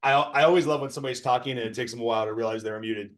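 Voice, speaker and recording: A man's voice: mid-range voice, rapid-fire, fairly bright tone. A man hosting a training session on a video call, talking casually, rambling and speaking bluntly. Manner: rambling, blunt, self-promoting.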